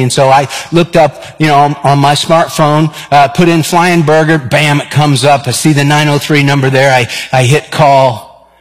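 Pastor guy in his 50s, preaching, kinda high voice, acts out the stories, big echoey church hall. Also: normal speed, faint music behind. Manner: animated storyteller, acts out dialogue. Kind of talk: sermon with personal storytelling. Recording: long reverb of a large hall.

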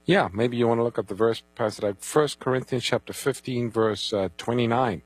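A man co-hosting a call-in Bible radio show, calmly explaining scripture and introducing callers. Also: medium pitch, brisk, husky, no echo, rough recording. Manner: calm, reassuring, gives phone numbers and takes calls.

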